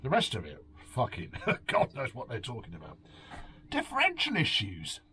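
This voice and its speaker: At home with a beer, a male host rambles drunkenly through a review, reading out an article and ridiculing it with sighs, curses and sarcasm. His medium-pitched voice swings wildly up and down at a normal speed, sharp in tone, over a slight hiss or hum.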